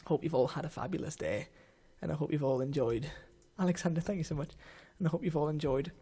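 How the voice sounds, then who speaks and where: A man's voice: fairly high pitch, quick pace, mellow, slightly rough. A man talks to his livestream audience in a loose, casual sign-off. He is tearful and giddy, effusive and emotional. He swears casually as he thanks his viewers. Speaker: livestream host.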